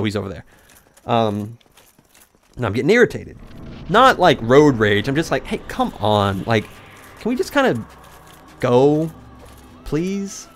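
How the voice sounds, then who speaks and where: Animated young man telling a story while gaming. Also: fairly low pitch. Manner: rambling, animated, talks to the game mid-story. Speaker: gaming YouTuber. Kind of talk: let's play commentary with storytelling.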